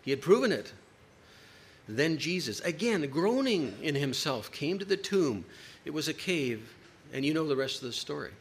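A man preaching a sermon to a congregation, emphatic, with dramatic pauses. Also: a little high, very animated, slight background noise.

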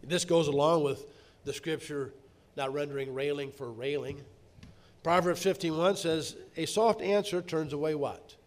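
In a voice on the higher side, a middle-aged male pastor preaches at a normal speed. He weaves stories into the sermon and swings from quiet asides to loud, emphatic passages.

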